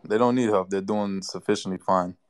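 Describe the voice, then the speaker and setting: Low, dry-voiced male caller, curt and dismissive, keeps pressing his demands. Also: fairly even intonation, a little fast, dry recording. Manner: terse, dismissive, repeats demands. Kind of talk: heated call-in argument.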